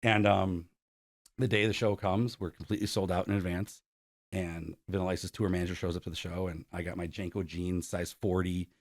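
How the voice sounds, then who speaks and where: In a storytelling interview, a Buffalo, New York man in his forties who promotes concerts speaks a little fast in a deep voice with little pitch movement. He acts out quoted dialogue and fills his speech with "like." The audio is studio quality with no echo.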